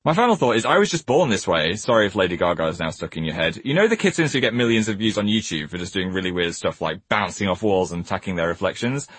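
Playful self-mocking man, lively voice. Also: sits low, fast, hardly any pauses, husky, no room sound. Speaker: co-host reading his own book. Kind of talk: casual comic reading and chat.

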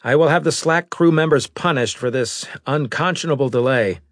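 A man voicing a cunning starship captain who talks smoothly and with false politeness. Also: on the high side, moderate pace, no room sound, studio quality, pitched above the performer's own voice, lightly acted. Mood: smoothly polite.

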